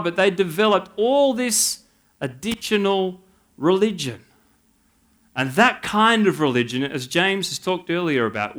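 A man, a pastor preaching a sermon and telling stories in a voice that swings from loud to hushed. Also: fairly high pitch.

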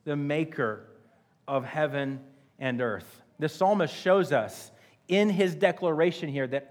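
A man preaching a sermon as pastor, earnest, often restarting and repeating phrases. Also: fairly high pitch. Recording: long church-hall reverb.

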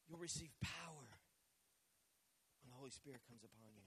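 A man's voice: on the high side, expressive, fast, fairly bright tone, a little hiss or hum. A male pastor preaching a sermon, joking and teasing himself and asking the church to answer back. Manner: jokey, self-teasing, calls for responses.

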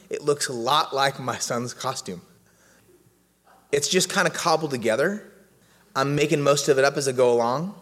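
A man's voice: a little high, a bit bright. A man preaching casually to a congregation, telling a family story with humor and asking the room questions. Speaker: pastor. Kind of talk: sermon with audience interaction. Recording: hall reverb.

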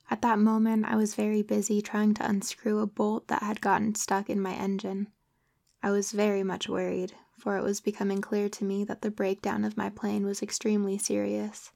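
A woman narrating a classic children's story in the first person, measured and gentle. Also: mid-range voice, creaky. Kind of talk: storybook reading.

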